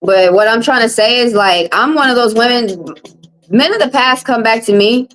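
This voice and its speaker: A woman's voice: fairly high pitch, normal speed, fairly bright tone, soft background music, low-quality recording. Blunt woman, casual live-stream tarot reader talking straight to her chat.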